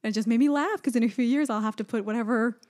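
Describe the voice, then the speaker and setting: A woman in her thirties co-hosts a casual chat, telling lively everyday stories. She slips into quick voiced quotes as she goes, and sounds a bit sleepy. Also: on the high side. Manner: chatty, animated storytelling with voiced quotes. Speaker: podcast co-host and mother.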